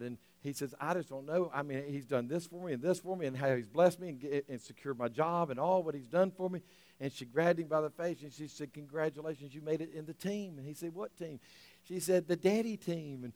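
A man delivering a sermon in a fairly high voice, swinging between quiet retelling and loud, fervent bursts. The sound is dry and close, with no room around it. He often restarts phrases as he builds the story. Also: no room sound. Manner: animated storytelling preacher, rising to loud emotional peaks, many restarts. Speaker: pastor.

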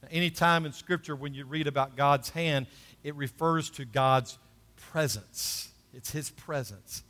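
A man's voice: a little high, measured pace, fairly bright tone, in a large hall. A man preaching a sermon as pastor, emphatic and repeating key phrases, calling for responses from the congregation.

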